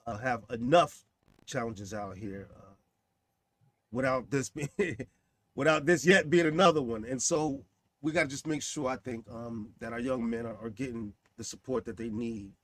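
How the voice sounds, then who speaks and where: A man hosting a talk discussion, earnest and halting, with many fillers. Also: medium pitch.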